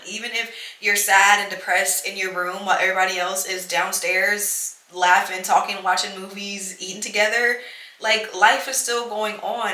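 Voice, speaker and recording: Young woman, podcast host, earnest and reassuring, bright voice, echoey room. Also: medium pitch. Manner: earnest, reassuring, fills speech with "like" and "you know". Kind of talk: casual heartfelt monologue.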